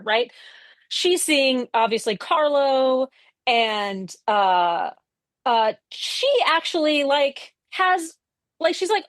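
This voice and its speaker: A woman's voice: sits high, slow pace, no echo. A woman co-hosting a casual comedy podcast, recapping a TV episode and acting out the characters' lines. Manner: animated, swears freely, acts out characters' lines. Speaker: podcast co-host.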